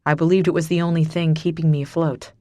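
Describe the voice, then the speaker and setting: A woman narrator voicing a brooding mafia boss with a low, gravelly voice, in an audiobook. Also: little pitch movement, fast, no room sound, clean studio sound, natural voice. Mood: quiet. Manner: quiet, clipped, bitter.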